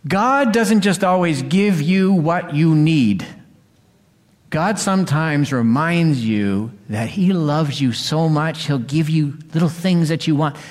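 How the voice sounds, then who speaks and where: Animated male pastor preaching a sermon. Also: a little high, takes it slowly. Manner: animated, acts out quoted voices, swings from loud to hushed. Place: church sanctuary.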